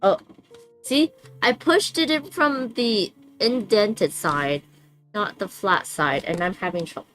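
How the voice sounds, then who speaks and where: A woman's voice: medium pitch, takes it slowly, a bit bright, faint music behind. A woman chatting casually with her live-stream viewers while unboxing a board game, bubbly, laughing often and using many fillers. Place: home room with noisy bathroom upstairs.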